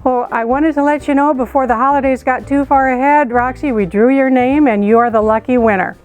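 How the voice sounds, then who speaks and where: A woman's voice: sits high, brisk, dull audio, soft background music. A woman from a company calling a prize winner, talking in a cheerful, bubbly way. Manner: cheerful, bubbly, warm-spirited. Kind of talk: upbeat phone call and promo narration.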